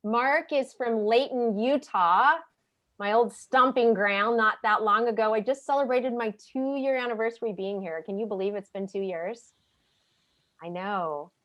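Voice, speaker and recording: A woman's voice: a little high, measured pace, a bit bright. An American woman hosting an interactive online leadership webinar, friendly and chatty with many ums. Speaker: webinar host and leadership trainer. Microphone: video call.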